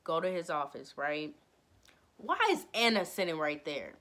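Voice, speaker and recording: A young woman vlogger telling a storytime in a casual, slangy, animated way. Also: sits low, moderate pace. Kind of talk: storytime vlog.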